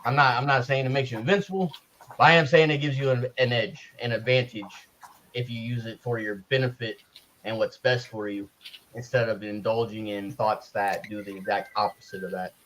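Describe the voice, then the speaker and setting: A man in a casual group chat, telling an animated story with many restarts. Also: medium pitch, brisk, rough recording. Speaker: group discussion participant.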